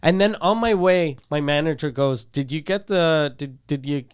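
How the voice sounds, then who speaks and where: A man's voice: a little high, moderate pace, clean tone. A middle-aged man, telling a story in a rambling, profane way full of restarts. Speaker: comedian and podcast co-host. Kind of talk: casual storytelling chat.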